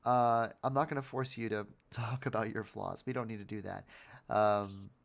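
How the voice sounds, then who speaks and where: A man's voice: lowish voice, level tone, moderate pace, vocal fry. A man hosting a podcast, talking in a casual, earnest way about motivation, often repeating words as he goes and swearing now and then. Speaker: podcast host.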